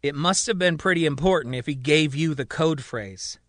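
A man voicing a suspicious, gruff older man who demands answers. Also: on the high side, normal speed, fairly bright tone, dry recording, close to an everyday voice.

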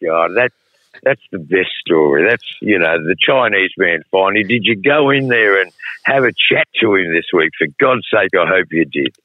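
A man co-hosting a radio show, teasing and animated. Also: sits low, moderate pace, no echo, narrow, tinny audio. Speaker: radio co-host. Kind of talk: casual radio banter.

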